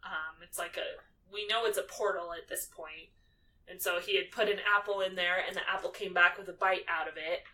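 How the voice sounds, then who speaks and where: Bright-voiced woman recapping a film casually. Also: fairly low pitch, fairly even intonation, normal speed. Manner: breezy, swears, acts out characters. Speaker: podcast co-host. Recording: distant mic, faint background noise.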